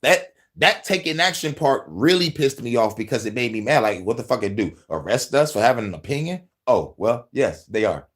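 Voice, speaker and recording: A man hosts his own podcast, pitch swinging widely as he rants. He swears freely and breaks into laughter between points. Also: brisk, few pauses. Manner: animated, profane, laughs often. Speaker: podcast host. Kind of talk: profane conspiracy commentary.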